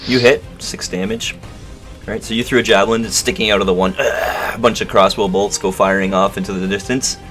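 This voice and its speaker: A man's voice: on the low side, fairly even intonation, fairly quick, fairly bright tone, soft background music. A man acting as game master for a tabletop game, describing the action and explaining rules in a casual way with plenty of fillers.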